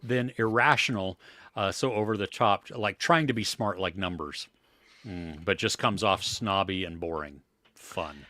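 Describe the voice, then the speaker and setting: A man co-hosting a live movie chat, blunt and animated when he dislikes a film. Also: sits low, a little slow, no room sound. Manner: blunt, animated when ranting about films. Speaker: movie podcast co-host.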